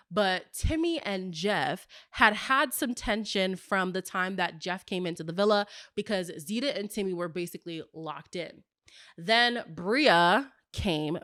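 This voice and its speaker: A woman hosting a casual, gossipy recap show, telling stories in an animated way with playful hushed asides. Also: no echo, studio quality. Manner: animated storyteller, acts out quotes with big pitch jumps. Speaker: host of a reality TV recap show.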